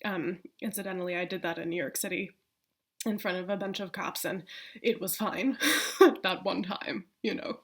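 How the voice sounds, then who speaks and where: A woman's voice: on the low side, fairly even intonation, normal speed. Chatty woman vlogging at home. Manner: chatty, laughs often, swears freely. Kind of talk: casual chat to camera. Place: room in her apartment.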